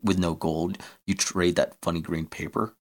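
A man's voice: sits low, fairly even intonation, moderate pace. A man playing a blunt frontier lawman. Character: plain-spoken wary male frontier lawman.

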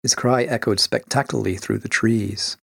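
A man reading a short story aloud as scripted narration, with a measured, even delivery. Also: fairly low pitch, vocal fry, husky, no room sound. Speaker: story reader.

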